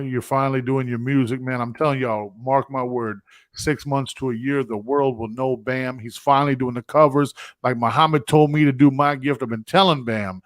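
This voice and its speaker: A man hosting a live stream, reading viewer comments and giving excitable, effusive shout-outs. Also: mid-range voice, moderate pace, no echo, clean studio sound. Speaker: host.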